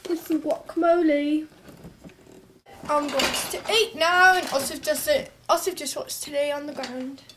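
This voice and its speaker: A woman's voice: high-pitched, steady tone, unhurried, a bit bright, slight background noise. A young woman chatting casually and giggling as she films a home vlog on a handheld camera. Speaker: vlogger. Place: home kitchen and living room.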